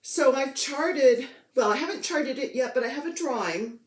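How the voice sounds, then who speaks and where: A woman's voice: high voice, lively intonation, normal speed. A woman in her fifties chatting to camera about her crafts, self-mocking and playful, recorded at home. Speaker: craft vlogger. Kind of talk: casual chat to camera. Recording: echoey room.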